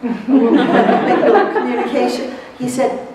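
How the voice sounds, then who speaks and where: A middle-aged woman giving a lively motivational seminar to court reporters, telling stories and acting out what people said, laughing often. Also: on the high side, slow pace, heavy background noise. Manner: animated storyteller, laughs often, acts out quotes. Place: seminar hall. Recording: echoey hall, recorded from far off.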